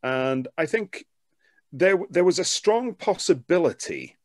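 A man's voice: fairly high pitch, lively intonation, unhurried, no room sound, clean studio sound. A man hosting a podcast interview, reflective and enthusiastic as he recalls watching a series. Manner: reflective, enthusiastic about the show. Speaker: podcast host. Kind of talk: conversational interview.

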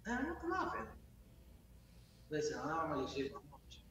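A man's voice: a little high, wildly swooping pitch, brisk, fairly bright tone, roomy sound, slight background noise, low-quality recording. A man goofing around on a casual livestream, joking crudely, laughing, and rapping off the cuff. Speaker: livestream host.

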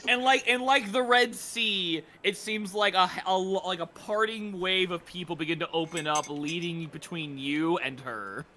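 A man's voice: high voice, measured pace, hardly any pauses, sharp tone, a little hiss or hum. A man narrating a tabletop game as game master, talking casually and breaking off to laugh and try out character voices.

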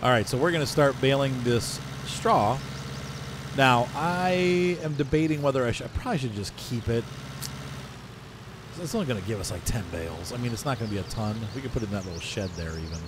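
A man talks through a farming video game in loose, chatty commentary, his pitch swinging widely as he reacts. He pokes fun at himself and breaks into playful, high exclamations. A clear hum of noise sits under his voice. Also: lively intonation, fairly quick. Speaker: gameplay commentator. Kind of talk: casual let's-play commentary.

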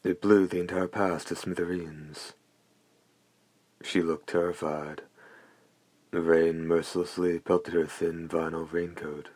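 Man, audiobook narrator, very deep voice, husky, steady reading. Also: unhurried, long pauses. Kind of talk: scripted narration.

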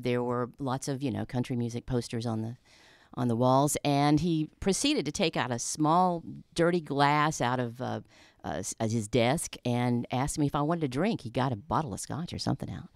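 A woman's voice: extremely low pitch, dry recording. Chatty woman voice artist, dry studio. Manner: self-deprecating, chatty, with fillers. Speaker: voice-over artist and traffic reporter. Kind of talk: casual radio interview. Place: radio studio. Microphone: studio microphone.

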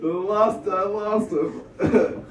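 A man's voice: sits high, steady tone, extremely slow. Self-deprecating man doing live stand-up. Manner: self-deprecating, laughing through his lines. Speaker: stand-up comedian. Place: small café venue, live audience. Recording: echoey room, distant mic.

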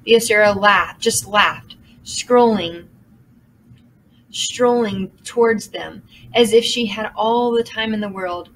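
A woman narrating a children's book in a measured storytelling manner. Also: medium pitch, rough recording. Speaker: audiobook narrator. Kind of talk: scripted narration.

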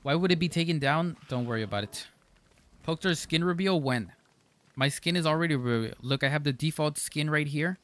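A man streaming a game live, bantering with his chat. His voice sits fairly high, and the talk is loose and jokey with frequent laughs. Now and then he switches to a stiff, mock-formal tone as a gag. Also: a little fast, a bit bright. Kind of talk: live gameplay commentary, reading chat.

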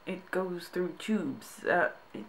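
A woman's voice: lowish voice, takes it slowly, a little hiss or hum. A young woman from Britain reacting to tweets in a casual vlog, amused, laughing often and restarting her sentences. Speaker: vlogger.

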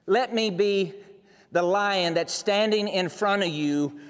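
A man preaching a sermon, telling a story with dramatic shouted roars and rising, fervent delivery. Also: high voice, slow, clear, resonant tone, in a large hall. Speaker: pastor.

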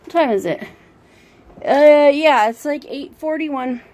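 A woman's voice: high-pitched, darkish tone. A young woman chatting casually through a daily vlog, talking about her plans with lots of "like" thrown in. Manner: chatty and unhurried, peppered with "like". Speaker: vlogger.

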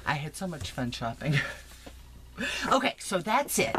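A woman chatting excitedly through a crafting unboxing, gushing and laughing often in her home craft room. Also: low voice, a little slow. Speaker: crafting vlogger. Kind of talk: casual unboxing chat. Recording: noisy home recording.

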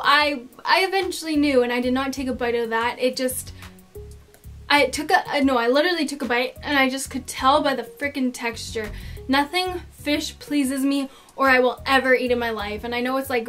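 A woman's voice: high voice, moderate pace, a bit bright, soft background music. A teenage girl chatting casually in a get-to-know-me vlog, telling stories with lots of "like" fillers. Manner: chatty, dramatic storytelling with many "like" fillers.

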